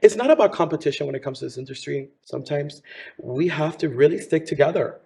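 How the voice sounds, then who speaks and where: A man's voice: on the high side, expressive, fast, vocal fry, a little mellow. A man in his thirties, a drag performer from Miami, chatting campily in an interview and calling people honey. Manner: campy, chatty, says honey. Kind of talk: casual interview chat.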